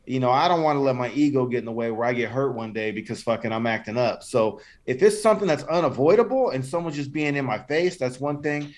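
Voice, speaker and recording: A man with a mid-range voice co-hosting a podcast. He talks bluntly and loosely, peppering everything with slang and swearing, in an easygoing back-and-forth. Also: mid-range voice. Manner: blunt, profane, slang-heavy talk. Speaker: podcast co-host. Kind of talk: casual chat.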